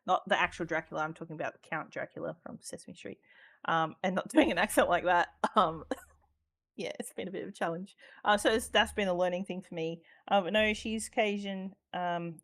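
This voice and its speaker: A woman's voice: on the low side, steady tone, brisk, a bit bright. An Australian woman chatting casually as a podcast guest, talking freely with lots of ums, swearing and laughter. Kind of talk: casual chat.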